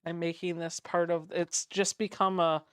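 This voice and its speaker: A woman's voice: on the low side, little pitch movement, moderate pace, fairly bright tone, smooth. A woman sewing vlogger chatting and laughing at herself while she works on a quilt. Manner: chatty, laughing, self-mocking. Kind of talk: casual chat while sewing.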